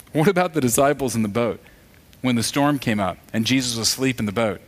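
A man delivers a sermon in an easy, conversational way at a middle pitch. He tells stories and acts out the voices of the people in them. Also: a little fast. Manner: conversational storytelling preacher who acts out quoted voices. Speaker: pastor.

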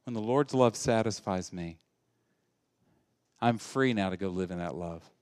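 A male pastor preaching a sermon, moving between loud, animated passages and hushed, intimate ones. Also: on the low side, a little slow, no room sound, clean studio sound.

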